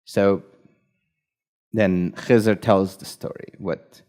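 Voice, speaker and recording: A man telling a story at a live event, speaking in measured, short phrases. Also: sits low, fairly even intonation, mellow.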